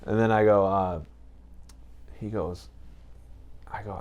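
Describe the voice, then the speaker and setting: A man's voice: on the low side, fairly even intonation, a little slow, darkish tone, highs cut off, a little hiss or hum. A man chatting as a podcast guest, telling a story in a loose, rambling way and acting out what others said. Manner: rambling, peppered with "you know" and "right?"; acts out other people's lines when retelling. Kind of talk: casual storytelling chat.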